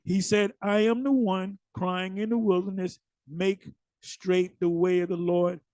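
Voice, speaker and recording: A man's voice: high-pitched, flat delivery, a little slow, a little mellow, dry recording. A man leading an informal scripture study, reading verses aloud and then rambling into loose commentary with frequent restarts. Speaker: Bible teacher.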